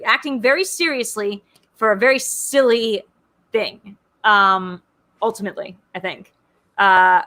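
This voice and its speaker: A woman co-hosting a podcast in casual chat, talking in an animated way with lots of filler words. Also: on the high side. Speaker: podcast co-host.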